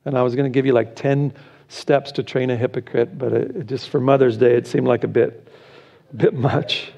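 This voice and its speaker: A man's voice: medium pitch, moderate pace, vocal fry, warm tone, dull audio. A middle-aged American man preaching a sermon as pastor, exhorting his listeners and chuckling between points. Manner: preaching with rising intensity, exhorting.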